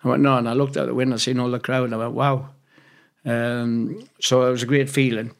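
A man's voice: medium pitch, flat delivery, brisk, creaky. Swearing man spinning rambling stories. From England. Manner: rambling, swears freely, acts out quoted dialogue. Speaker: guest. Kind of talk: casual storytelling interview.

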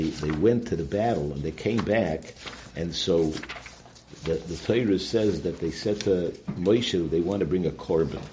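A man giving an informal Torah talk, halting and restarting often and mixing in Hebrew and Yiddish terms. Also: low voice, a little mellow, a little hiss or hum. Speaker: Torah teacher.

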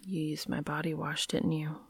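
Woman doing a teasing young man, storybook reading, hushed, gravelly. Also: low voice, little pitch movement, normal speed, no echo, full character voice. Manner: soft, hushed delivery.

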